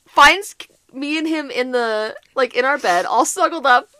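A woman co-hosting a podcast, telling a chaotic holiday story in casual, animated chat, swearing and laughing as she goes. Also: high voice, measured pace. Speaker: podcast co-host.

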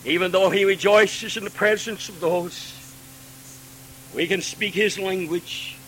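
A man preaching a Pentecostal sermon, swinging from hushed pleading to ringing cries and acting out God's pleading voice. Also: high-pitched, unhurried, a little hiss or hum, low-quality recording.

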